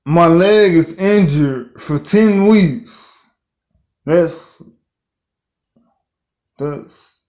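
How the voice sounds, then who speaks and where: Gaming YouTuber, male, voice a bit high, exasperated slangy rants over his career-mode game. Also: extremely slow, long pauses, a little mellow. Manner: reads game text aloud. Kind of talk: casual gameplay commentary.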